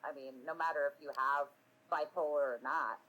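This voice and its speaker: A woman's voice: low-pitched, fairly even intonation, normal speed, a bit bright, lo-fi sound. A woman in her forties chatting on a live stream, rambling and self-mocking, swearing freely and laughing often. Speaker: streamer hosting a live podcast. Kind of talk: casual live-stream chat.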